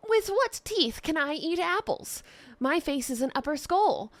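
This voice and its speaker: Brief: a chatty, teasing male jester, lively and a bit higher, played by a woman. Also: measured pace, no room sound. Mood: playful. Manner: playful, rambling banter. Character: joking male jester and priest, theatrical.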